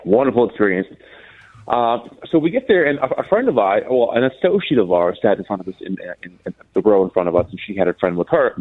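A man hosting a radio show, telling a story in casual chat with animated delivery and many stammered restarts. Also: fairly low pitch, fast talker. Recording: thin phone-like radio sound.

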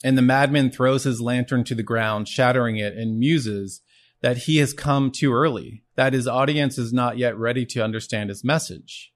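A man's voice: medium pitch, moderate pace. A man hosting his own show, giving an earnest teaching monologue and often restarting and repeating words. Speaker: podcast host.

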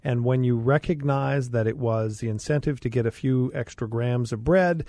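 Gravelly, dark-voiced male radio guest. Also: mid-range voice, moderate pace, no room sound. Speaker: studio guest, attorney and former mayor. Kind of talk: radio talk show discussion. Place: radio studio.

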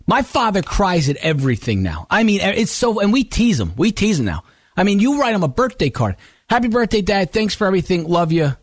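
A man with a high, lively voice tells a chatty personal story as a talk show host. His pitch climbs and swoops as he talks, and the sound is close and dry. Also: dry recording. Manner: chatty, animated storytelling with laughs. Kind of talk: casual monologue.

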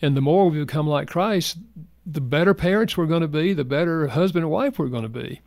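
An older man, a guest author, telling personal stories in an earnest, heartfelt way, going soft in emotional moments. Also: fairly high pitch, fairly quick, vocal fry, no echo. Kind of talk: reflective personal storytelling.

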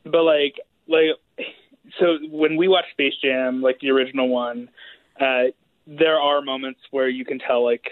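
A man's voice: mid-range voice, measured pace, no echo. A man, father of a ten-year-old, chatting casually on a podcast panel, rambling with lots of fillers. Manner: relaxed, rambling with many fillers. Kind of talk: casual chat. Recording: tinny phone-like line.

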